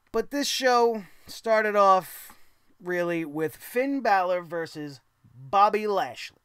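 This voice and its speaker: A man's voice: high-pitched, fairly bright tone, clean tone, no echo, studio quality. A man hosting a wrestling recap show, ranting sarcastically and swearing, mocking people in put-on voices. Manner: sarcastic, profane, mocking impressions.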